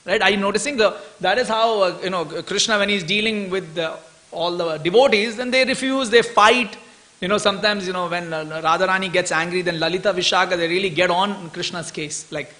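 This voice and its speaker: A man giving an animated scripture class at a temple, often chuckling and asking his listeners "right?". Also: high voice.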